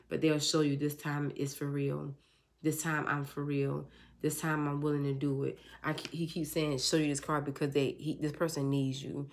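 A tarot reader giving a channeled love reading in a casual, earnest, repetitive way, often speaking for an unseen person. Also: medium pitch. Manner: casual, informal.

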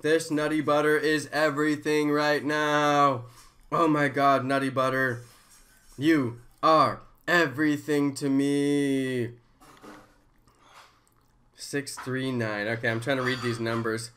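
A man in his thirties chatting casually and excitably on a live stream, often hyping and chanting. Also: mid-range voice, slow. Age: 30s.

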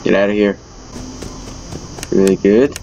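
Male let's-play gamer, unhurried speech, easily spooked, headset mic, muffled home recording with faint hiss. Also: on the low side, steady tone, warm tone. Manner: jumpy, exclaiming, easily startled. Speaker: gamer playing a horror game. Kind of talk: let's-play gaming commentary.

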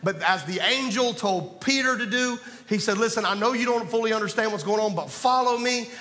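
A man preaching a sermon, swinging between loud calls to wake up and low, close asides to the congregation. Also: fairly quick. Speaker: pastor. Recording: reverberant church hall with music.

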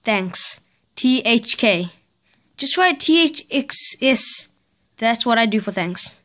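In this casual vlog rant, a woman's somewhat high, slightly bright voice moves slowly with lively intonation. Sarcastically exasperated, she spells words out letter by letter as if she can't believe them.

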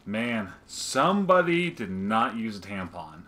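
A man's voice: lowish voice, big pitch swings, measured pace, sharp tone. A man joking and swearing while playing a video game with his mother. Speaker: let's play host. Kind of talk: casual gameplay chat.

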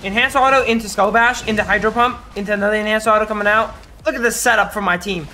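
A hoarse man streaming a game, giving hyped, trash-talking live commentary to his chat. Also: high-pitched, fairly even intonation, quick pace, bright, forceful tone, faint music behind.

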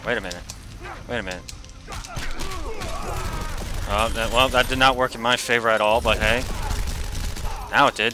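A man's voice: mid-range voice, fairly even intonation, normal speed, pauses often. A young man giving casual commentary while playing a fighting game, trash-talking the opponent and grumbling in frustration.

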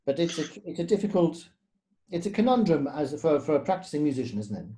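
A man's voice: fairly high pitch, very animated, fast, mellow. A man, a guest pianist, explaining in a storytelling way with frequent fillers and tag questions. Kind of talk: conversational explanation.

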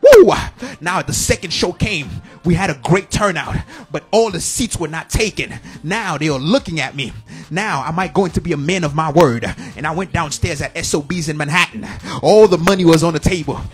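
A man's voice: a little high, fairly quick, breathy edge, faint music behind. A middle-aged male pastor from Haiti preaching a sermon at a church service, emphatic and repetitive, breaking into sung phrases and call-and-response.

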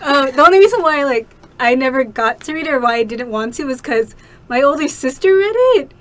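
Giggly high-voiced young woman. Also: a little fast. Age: young adult. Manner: giggly, animated. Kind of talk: casual chat.

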